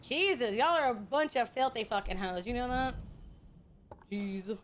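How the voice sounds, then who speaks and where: Woman, game streamer, fairly high voice, crude teasing banter, casual chat, faint background hiss. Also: lively intonation, unhurried. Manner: frequent laughter.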